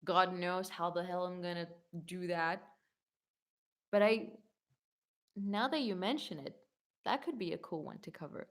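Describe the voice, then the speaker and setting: A woman's voice: lowish voice, measured pace, pauses often, fairly bright tone. Chatty young woman rambling through fan questions. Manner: chatty and rambling, with many "like" fillers and self-corrections. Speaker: YouTube singer answering fan questions. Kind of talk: casual Q&A chat reading viewer comments.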